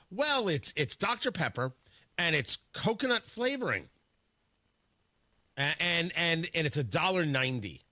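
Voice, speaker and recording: A man's voice: a little high, big pitch swings, moderate pace, pushed and bright, no room sound, clean studio sound. Wry, stammering male radio host. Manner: wry, rambling, many stammered restarts. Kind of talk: casual morning radio talk. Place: radio studio.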